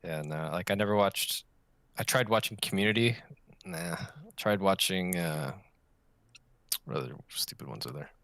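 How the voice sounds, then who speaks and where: Casual male podcast co-host, rambling and joking, lively delivery, close dry mic. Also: sits low, normal speed, creaky, pauses often, dry recording. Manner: rambling, joking, puts on silly voices. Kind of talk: casual chat. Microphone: online voice call.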